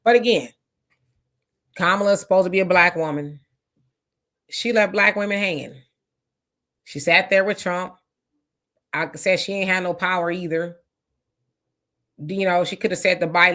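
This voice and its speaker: A woman hosting a casual live commentary, reading viewer comments aloud and reacting in an outspoken, animated way. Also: fairly low pitch, normal speed, long pauses.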